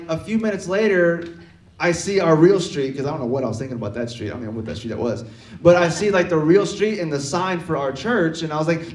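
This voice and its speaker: A man preaching as a pastor, telling a story in an animated way, laughing often and acting out the voices of the people in it. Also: sits high, roomy sound, distant mic. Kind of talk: storytelling sermon. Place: church auditorium.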